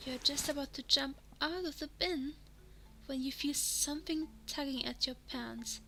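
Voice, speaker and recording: A woman's voice: high-pitched, normal speed, gravelly, pushed and bright. A woman reading a text adventure game aloud in second person, sometimes dropping to a whisper. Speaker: game narrator. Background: background music.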